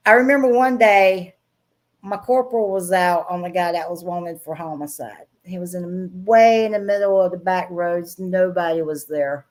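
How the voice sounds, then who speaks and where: A woman's voice: lowish voice, normal speed. A middle-aged woman with a Southern accent, a guest telling frank stories in a casual chat, laughing often as she talks. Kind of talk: casual storytelling interview.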